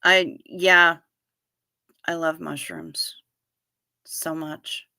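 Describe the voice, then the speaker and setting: A woman's voice: low voice, little pitch movement, gravelly, sharp tone, no room sound, studio quality. A woman hosting a casual livestream, reading viewer comments aloud and answering them in a blunt, teasing way. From United States. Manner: blunt, salty, quick to tease. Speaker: livestream host.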